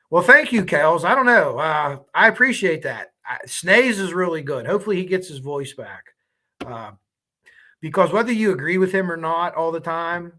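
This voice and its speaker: Man on a livestream, kinda high bright voice, rambly, reading comments out loud. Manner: rambling, chatty, reacts to comments as he goes. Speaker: true crime livestream host. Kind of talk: casual livestream chat reading viewer comments.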